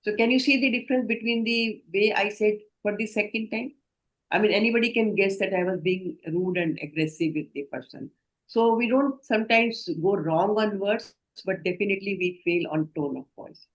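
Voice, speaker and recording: An Indian woman trainer talks through a communication skills lecture, steady and explanatory. She often stops to put questions to her group. Her pitch sits in the middle of the usual range. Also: moderate pace, low-quality recording. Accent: Indian English.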